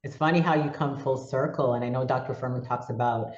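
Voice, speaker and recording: A man's voice: medium pitch, fairly even intonation, fairly quick, reverberant, highs cut off. A male host interviewing a guest in a conversational way, encouraging and affirming throughout. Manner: encouraging, affirming with frequent "yeah". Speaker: podcast host.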